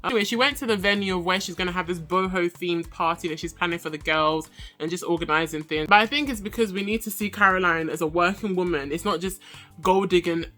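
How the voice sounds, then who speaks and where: A young woman hosts a casual, chatty review of a reality show, full of sass and quick asides. Her voice is bright and forceful, and faint music plays behind her. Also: fairly low pitch. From Nigerian heritage. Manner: chatty, sassy, laughs often.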